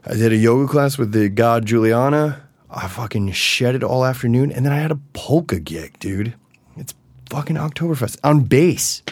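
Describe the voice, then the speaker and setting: Animated, profane man on a podcast. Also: mid-range voice, normal speed, slightly rough, dry recording. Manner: animated and profane, swings from loud bursts to mutters. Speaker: podcast host. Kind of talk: casual solo podcast chat.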